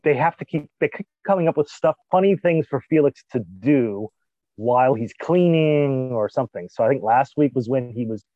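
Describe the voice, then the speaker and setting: A man co-hosts a podcast in a relaxed, rambling way, working his thoughts out as he speaks. His mid-range voice is recorded dry, with a slightly dull, lo-fi edge. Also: mid-range voice, moderate pace, no room sound. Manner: rambling, thinks aloud. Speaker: podcast co-host. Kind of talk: casual chat.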